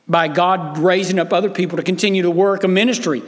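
High-voiced preaching man in a reverberant hall. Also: steady tone, fast, hardly any pauses. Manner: earnest, emphatic preaching with direct appeals to listeners. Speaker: pastor. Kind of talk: sermon.

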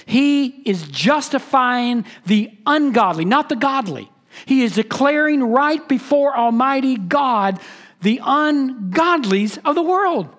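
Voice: sits high, animated, slow, fairly bright tone. A pastor preaching an expository sermon, emphatic and teaching, repeating key phrases and asking the listeners questions.

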